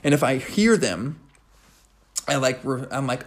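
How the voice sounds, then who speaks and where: A young man talks through a motivational podcast monologue in a loose, energetic, rambling way. He fills his sentences with "like" and restarts, and his voice sits in an ordinary middle pitch. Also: unhurried. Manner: energetic, rambling, many "like" fillers. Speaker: podcast host.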